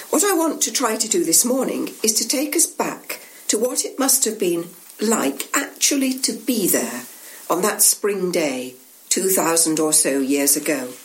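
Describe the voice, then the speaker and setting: Woman narrating a vivid church reflection. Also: on the low side. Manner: vivid, second-person storytelling. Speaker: church member giving a reflection. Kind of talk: imaginative sermon narration.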